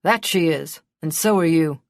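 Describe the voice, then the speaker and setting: A woman's voice: low voice, moderate pace, no echo, studio quality. A woman narrator voicing a sly, good-humored middle-aged lord who teases his companions. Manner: gleeful, sly.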